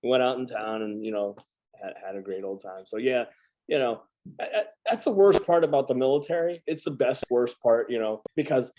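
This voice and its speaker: Man, medium pitch, chatty host, rambling storyteller. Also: moderate pace, warm tone, rough recording. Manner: chatty, rambling, lots of fillers and restarts. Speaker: podcast host and veteran. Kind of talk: casual chat.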